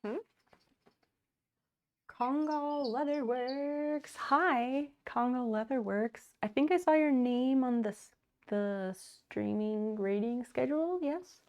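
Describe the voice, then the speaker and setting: Speaking a little slowly with lively intonation, this woman has a clean, higher-pitched voice, though the recording's highs are cut off. She works and sorts in her home office on a casual livestream, laughing a lot as she welcomes and thanks viewers.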